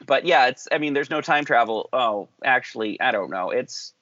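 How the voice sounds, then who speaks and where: A man's voice: medium pitch, expressive, normal speed, fairly bright tone, slight background noise. A man hosting a podcast in casual chat, thinking aloud in long rambling runs. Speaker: podcast host. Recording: dull lo-fi dry sound.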